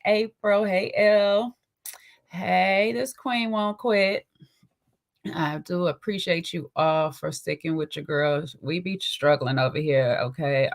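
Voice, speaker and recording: A woman hosting a casual livestream, sassy and chatty, greeting viewers by name and tagging sentences with "okay?". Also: fairly low pitch. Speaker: livestream host.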